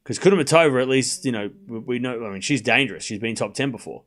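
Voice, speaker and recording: A man's voice: mid-range voice, fairly bright tone. A man hosting a live tennis watchalong, calling the score and chatting casually with his viewers. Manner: chatty, talks straight to his live chat, with quick asides and restarts.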